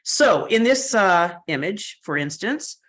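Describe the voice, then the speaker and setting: A woman's voice: medium pitch, expressive, slow, fairly bright tone. A woman instructor walking through a photo editing tutorial in a chatty, explanatory way, with fillers and asides. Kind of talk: screen-share software tutorial.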